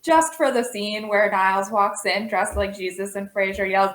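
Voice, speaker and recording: A woman co-hosting a casual TV recommendation chat, relaxed and conversational with some fillers. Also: mid-range voice, moderate pace. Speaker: co-host. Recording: echoey room.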